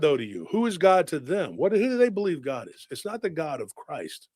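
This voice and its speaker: A man hosting a casual podcast, talking in an excitable, rambling way and firing off rhetorical questions. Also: fairly high pitch, fairly quick, hardly any pauses, no echo. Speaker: host.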